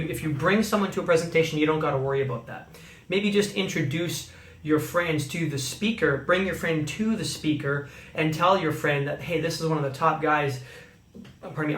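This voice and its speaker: Man, slightly high voice, upbeat sales coach, echoey room. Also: fairly bright tone. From Canada. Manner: upbeat coaching, frequent "okay?" check-ins. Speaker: sales trainer. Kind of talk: recorded training talk.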